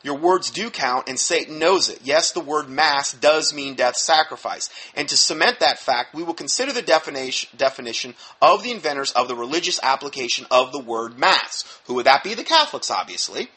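Emphatic, bright-voiced male preacher. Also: mid-range voice, fairly quick, hardly any pauses. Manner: emphatic, animated, with sudden drops to mumbled asides. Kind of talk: sermon-style teaching talk.

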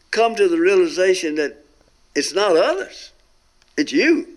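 A man with a fairly high, slightly mellow voice appears as a guest to describe his near-death experience. In this recorded testimony, he speaks earnestly and draws out his most emphatic phrases.

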